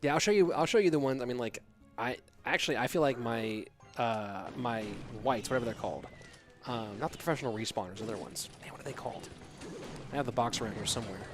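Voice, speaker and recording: A man commentating a live esports match from his home setup, breaking off mid-play to chat with viewers. His talk is loose and rambling, full of restarts and asides. Faint music runs quietly underneath. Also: medium pitch, fast.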